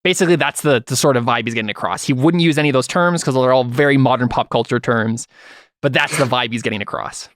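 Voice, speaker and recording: A man's voice: medium pitch, fast, a bit bright, no echo. A man narrating as game master in a tabletop role-playing game, rambling with many fillers and restarts.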